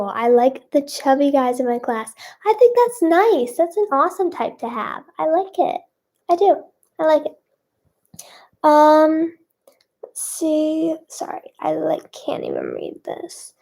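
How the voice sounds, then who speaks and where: A woman's voice: high voice, lively intonation, normal speed, warm tone. A young woman singer answering fan questions in casual chat, bubbly and self-conscious, with many fillers.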